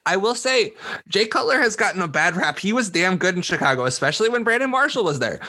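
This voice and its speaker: A man co-hosting a sports podcast, talking in an animated, joking way, laughing often as he makes his case. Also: sits high, fast. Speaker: podcast co-host. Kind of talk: casual sports debate.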